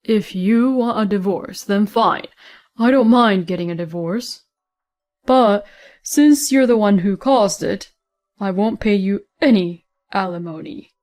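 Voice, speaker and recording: A woman voicing a stubborn, defensive young husband who speaks slowly and sulkily. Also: mid-range voice, a little mellow, soft background music, natural voice. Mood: defiant.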